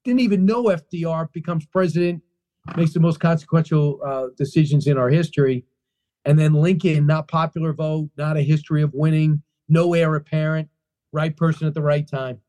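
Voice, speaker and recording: Interviewed about his book, a man answers like an animated storyteller, emphatic and prone to restarts and repeated phrases. His voice is a little high and his speed normal.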